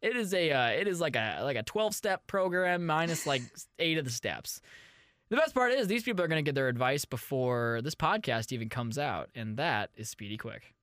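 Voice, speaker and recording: A young man hosting a podcast in a studio, talking quickly and jokingly with frequent swearing and laughs. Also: a little high, lively intonation, a bit bright, dry recording. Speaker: podcast host. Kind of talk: casual comedic podcast chat. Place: radio station studio. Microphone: studio mic.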